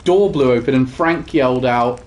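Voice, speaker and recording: A man's voice: mid-range voice, normal speed, a little mellow. A young man chatting casually while gaming, telling rambling stories with many fillers and restarts. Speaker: gaming co-host.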